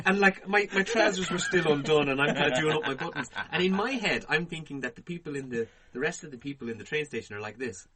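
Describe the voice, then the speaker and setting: A man, co-hosting a podcast and telling profane, animated stories in casual chat. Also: a little high, fast talker, hardly any pauses, a loud crowd. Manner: profane, animated, laughs through his stories. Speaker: podcast co-host.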